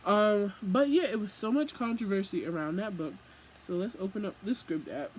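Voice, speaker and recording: A young woman vlogging casually from home, rambling and animated as she jumps from thought to thought. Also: mid-range voice, normal speed, slight background noise, low-quality recording. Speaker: book vlogger. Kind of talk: casual chat.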